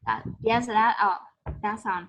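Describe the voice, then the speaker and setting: A woman studying English online, answering in hesitant, halting sentences. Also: medium pitch, background noise. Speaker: English student. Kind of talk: online one-on-one lesson. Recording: dull lo-fi call audio.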